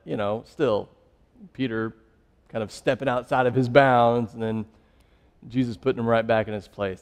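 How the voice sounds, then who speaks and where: Man preaching in a reverberant hall. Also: mid-range voice. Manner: conversational, laughs often while telling stories. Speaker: pastor. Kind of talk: sermon.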